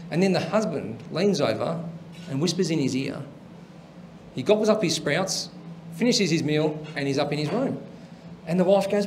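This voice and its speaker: High-voiced man hosting comedy. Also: animated, moderate pace, noisy background. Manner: upbeat, chuckling. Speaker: comedy show host. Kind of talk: stand-up joke telling.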